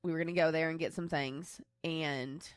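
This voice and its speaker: A woman's voice: low voice, steady tone, normal speed, clean tone, no echo, studio quality. A woman in her twenties co-hosting a casual podcast, telling a personal story in a candid, rambling way with many restarts. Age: 20s. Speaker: podcast co-host.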